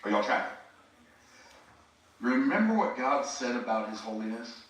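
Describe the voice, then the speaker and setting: A man's voice: mid-range voice, sing-song, moderate pace. A man, giving a live teaching talk as a preacher and speaking coach, talking conversationally and addressing the audience directly. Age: 60s. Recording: roomy, distant mic.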